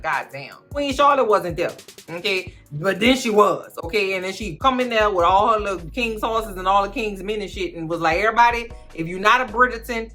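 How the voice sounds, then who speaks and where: Brief: animated, sassy woman recapper, talks to viewers directly, quite bright. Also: mid-range voice. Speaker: vlogger, show recapper. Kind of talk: casual recap chat.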